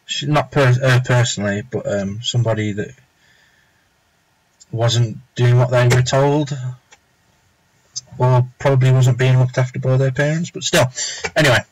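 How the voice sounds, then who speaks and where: A man's voice: mid-range voice, steady tone, moderate pace, pauses often, a little hiss or hum, poor audio. A young man chatting casually and rambling as he draws live on stream, muttering to himself now and then. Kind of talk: casual chat while drawing.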